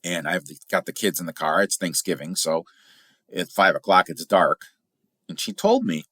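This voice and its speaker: A middle-aged man from Illinois with a low, deep voice, hosting a casual storytelling podcast. He talks in a chatty, animated way and throws his pitch up high to stress a point. The sound is dry and close, with no room echo. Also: moderate pace, husky. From Illinois, USA. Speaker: podcast host, firearms instructor.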